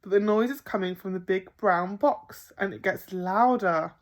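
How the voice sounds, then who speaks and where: A woman reading a picture book aloud to children as a primary school teacher, expressive and playful. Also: medium pitch, unhurried, hardly any pauses. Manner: expressive, with gasps and playful emphasis.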